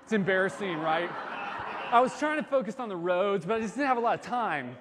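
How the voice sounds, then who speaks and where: Lively man preaching in an echoing hall. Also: high voice, fairly quick, noisy background. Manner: conversational, lively swings between loud and soft. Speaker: pastor. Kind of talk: sermon.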